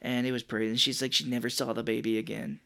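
A man co-hosts a laid-back film podcast, recapping scenes in loose, profane chat. When he quotes people he slips into quick put-on voices. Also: mid-range voice, little pitch movement, gravelly, sharp tone. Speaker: podcast co-host. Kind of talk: casual chat.

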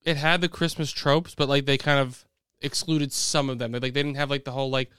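A man's voice: medium pitch, little pitch movement, a little fast, a bit bright, clean tone, no room sound, studio quality. A man chatting casually as a podcast co-host, rambling with many restarts. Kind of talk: casual chat.

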